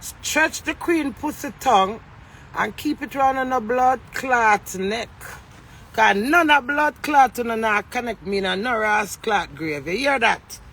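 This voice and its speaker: Middle-aged Jamaican woman, gravelly and defiant, swears freely in a loose, emotional vlog monologue. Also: a little high, expressive, measured pace, a bit bright. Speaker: vlogger.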